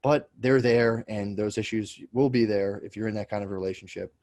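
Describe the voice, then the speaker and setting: A man's voice: fairly low pitch, moderate pace, darkish tone. A man, a comedian, talking as a podcast guest in casual chat, rambling with many restarts and swearing freely.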